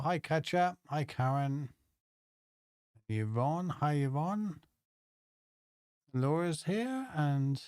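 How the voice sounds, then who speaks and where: Meditation host, man, slow relaxed chat with viewers, smooth clear voice. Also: fairly high pitch, no echo, studio quality. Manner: unhurried, chatty, greets viewers by name. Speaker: meditation teacher. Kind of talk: casual livestream chat before a guided meditation.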